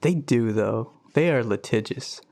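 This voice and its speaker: A man's voice: mid-range voice, expressive, measured pace, gravelly, darkish tone. Rambling jokey young man on a podcast. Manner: rambling, jokey, lots of fillers. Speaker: podcast co-host. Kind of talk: casual chat.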